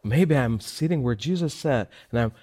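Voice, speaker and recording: A man in casual chat who speaks haltingly, often searching for words. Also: medium pitch, lively intonation, warm tone.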